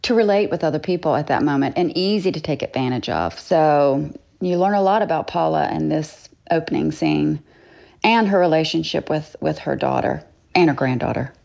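A woman's voice: deep voice, normal speed, creaky, darkish tone. A woman actress as an interview guest, speaking reflectively and thoughtfully about her role. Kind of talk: radio interview.

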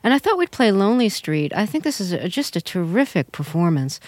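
A woman radio host speaks at a middle pitch in a measured, polished manner. She introduces her guest and asks careful questions. The studio sound is dry and close. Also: very animated, a little mellow, dry recording. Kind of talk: radio interview. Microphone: studio microphone.

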